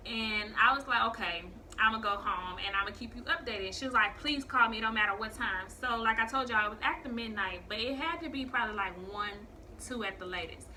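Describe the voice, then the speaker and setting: A young woman tells a storytime to her viewers, animated and profane, slipping into the voices of the people she quotes. Her voice is bright and sits a little high. A faint hiss runs under the recording. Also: fairly quick. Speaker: vlogger telling a story. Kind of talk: casual storytime vlog.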